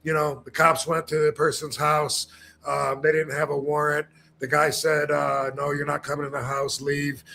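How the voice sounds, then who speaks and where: A man's voice: on the high side, monotone, normal speed, creaky, bright, forceful tone, slight background noise. Rambling man with a raised voice. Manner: rambling, many fillers and restarts, acts out quoted people. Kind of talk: casual podcast talk.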